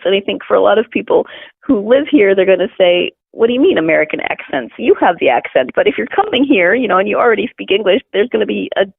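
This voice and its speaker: A woman's voice: lowish voice, gravelly, husky, dry recording. A woman podcast host chatting attentively in an interview, responding and reflecting on the book. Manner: attentive, backchanneling, relaxed. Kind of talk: casual interview chat. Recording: dry phone-line sound.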